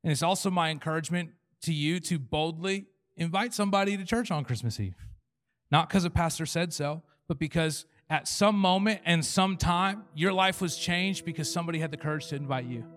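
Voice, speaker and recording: A man's voice: on the high side, fairly quick, fairly bright tone. A man preaching a sermon as pastor, joking and acting out imagined prayers and God's replies. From Canada. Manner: humorous, acts out prayers and replies in quoted voices.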